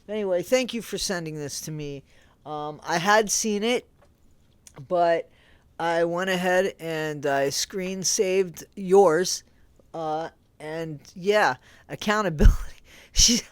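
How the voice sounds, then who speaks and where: Speaking directly to the audience, this casual vlog host rambles conversationally, sounds incredulous, and keeps restarting. The medium-pitched voice is a bit bright, and the recording is dry.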